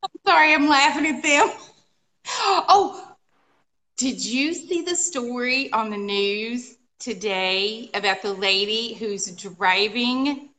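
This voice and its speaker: Woman co-host, lively storyteller with sound effects, high voice, bright tone. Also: takes it slowly. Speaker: co-host of a live furniture painting show. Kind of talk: casual storytelling chat.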